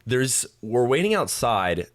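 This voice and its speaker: A young man co-hosting a podcast, telling an animated story in casual chat and acting out the people in it. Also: mid-range voice, takes it slowly, no echo. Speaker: podcast co-host. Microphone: podcast microphone.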